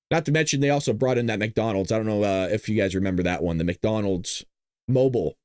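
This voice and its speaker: A man hosts a casual political commentary show at a quick pace, joking, laughing often, and slipping into high, silly voices. His manner is animated, and the recording is dry and studio quality.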